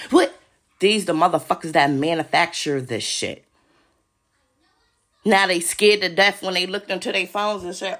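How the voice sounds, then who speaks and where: A woman's voice: medium pitch, moderate pace, a bit bright. A woman hosting a solo podcast, ranting in an agitated, heavily profane way and speaking straight to her listeners. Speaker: podcast host.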